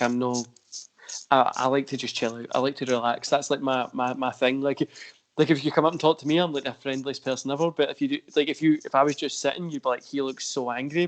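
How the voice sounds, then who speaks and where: A man with a Scottish accent, hosting a wrestling chat show, laid-back and rambling as he tells stories. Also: medium pitch. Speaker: podcast host. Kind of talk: casual chat.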